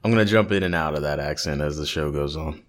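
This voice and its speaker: A man's voice: a bass voice, quick pace. A man hosting a casual podcast chat, joking around and hesitating often. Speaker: podcast host.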